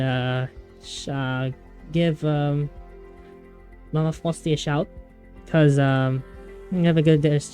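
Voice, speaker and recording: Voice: medium pitch, warm tone. A young adult VTuber streamer, chatting casually on a livestream in a rambling way, with many fillers and restarts.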